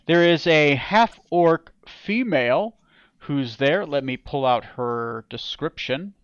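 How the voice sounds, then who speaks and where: A man's voice: a little high, expressive, smooth, no echo, dull audio. Casual man running a tabletop game. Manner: casual, halting narration with fillers. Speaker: game master.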